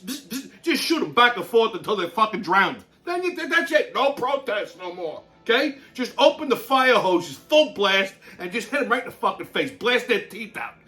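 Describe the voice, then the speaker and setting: High, bright-voiced man ranting. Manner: blunt, heavily profane; laughs through his own stories. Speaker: show host. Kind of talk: ranting monologue.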